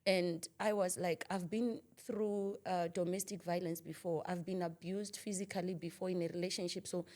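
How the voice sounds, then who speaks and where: A woman's voice: on the low side, steady tone, normal speed, darkish tone. A woman, a minister giving personal testimony in a podcast interview, vividly acting out the dialogue she quotes. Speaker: guest minister.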